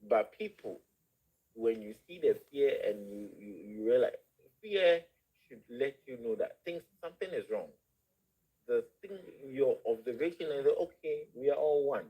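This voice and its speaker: A man with an African accent, a guest in a spiritual discussion, who talks haltingly and repeats words as he searches for the phrasing. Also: mid-range voice, slightly rough, muffled recording. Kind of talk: spiritual discussion on a live show.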